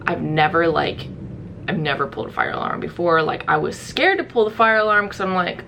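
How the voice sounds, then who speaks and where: A woman's voice: on the low side, animated, a little fast, gravelly, fairly bright tone, slight background noise. A young woman vlogger casually telling a story to camera, chatty and full of "like", acting out her own reactions. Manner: chatty, fills speech with "like", acts out her own past reactions.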